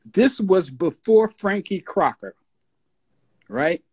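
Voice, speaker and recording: A man in his sixties with a New York accent, a guest recalling his past in a relaxed storytelling interview. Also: high-pitched. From United States. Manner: slow, unhurried storyteller with husky tone, breaks into voices of radio DJs.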